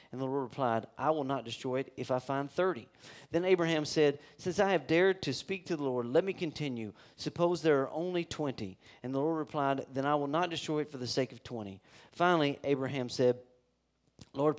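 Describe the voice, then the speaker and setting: Conversational pastor reading scripture. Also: male voice, a little high. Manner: conversational, with restarts and asides to the congregation.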